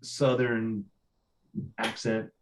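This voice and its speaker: Midwestern male host, slightly low pitch, casual storyteller who repeats himself. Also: completely flat delivery, extremely slow, slight background noise. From Ohio. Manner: chatty storyteller, stammers and repeats. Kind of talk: casual interview chat.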